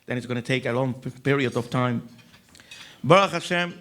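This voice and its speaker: A man, a rabbi, telling a humorous personal story to an audience, animated and acting out other people's voices. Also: mid-range voice, moderate pace. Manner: animated, acts out voices, chuckles often. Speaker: rabbi giving a talk.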